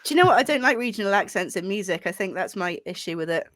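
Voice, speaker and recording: Brief: woman podcast regular, animated pitch, dry close sound, teasing asides. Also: fast talker, no echo. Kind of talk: casual podcast chat.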